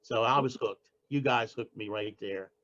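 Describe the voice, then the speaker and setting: Older man talking in a halting way, lo-fi sound. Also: lowish voice, a bit bright. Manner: halting, with frequent restarts and fillers. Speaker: poet guest. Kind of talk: casual interview talk.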